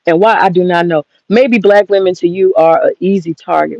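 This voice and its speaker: A woman's voice: lowish voice, moderate pace, a little mellow, dry recording, highs cut off. A woman vlogger in her garden rants bluntly and profanely at her viewers. She rambles and speaks straight to them. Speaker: vlogger giving commentary. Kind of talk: casual rant to viewers. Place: outdoor garden.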